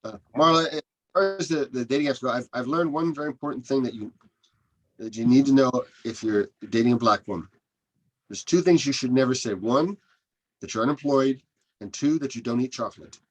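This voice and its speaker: A man wrapping up an online comedy show over a video call, speaking at a middling pitch. He is friendly but halting, stumbling over restarts as he thanks the comics. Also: poor audio. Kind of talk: casual show wrap-up.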